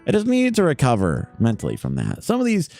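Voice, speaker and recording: A man's voice: medium pitch, huge pitch swings, fast, creaky, a little mellow, faint music behind. A man chatting casually on a live stream, rambling, repeating words and trailing off as he reacts to his old clips.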